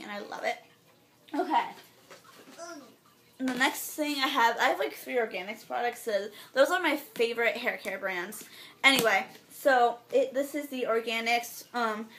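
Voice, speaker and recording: A woman's voice: fairly high pitch, a little hiss or hum. Bubbly, gushing teenage girl vlogger. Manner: often trails off into a soft, near-whispered aside. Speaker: beauty vlogger. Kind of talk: casual favorites vlog.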